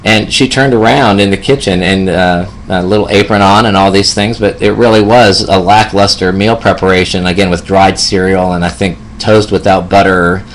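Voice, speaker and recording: Gravelly low-voiced man in his fifties telling stories. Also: fairly even intonation, normal speed, few pauses, slight background noise, poor audio. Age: 50s. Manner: reflective, laughs often, warm-humored. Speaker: hospice nurse. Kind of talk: personal storytelling.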